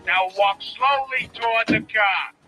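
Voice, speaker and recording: An actor playing a bossy officer who barks orders at a driver. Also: male voice, high voice, a little slow, over music. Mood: commanding. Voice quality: commanding, clipped. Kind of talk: film acting.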